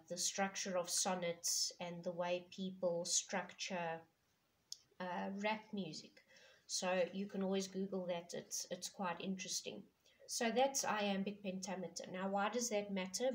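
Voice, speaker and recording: A slow, unhurried woman teaching a poetry lesson. She explains patiently and pauses on fillers as she works through the structure, with her pitch in a middle range. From South Africa. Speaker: English teacher. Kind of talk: classroom lesson explaining a poem.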